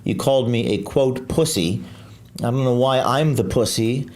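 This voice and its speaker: A man's voice: medium pitch, normal speed, darkish tone. A man hosting a live stream, talking in a rambling, combative way, reading viewer comments and replaying clips.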